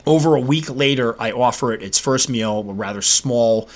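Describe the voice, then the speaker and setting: Man, podcast host, casual solo talk, animated storytelling, exasperated asides, mid-pitched voice. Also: normal speed. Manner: animated storytelling, acts out his own exasperated reactions.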